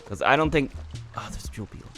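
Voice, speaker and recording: A man's voice: medium pitch, animated, fast talker, bright, forceful tone, soft background music. A young man giving casual commentary on his gameplay in a chatty, jokingly exasperated way. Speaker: gaming video creator.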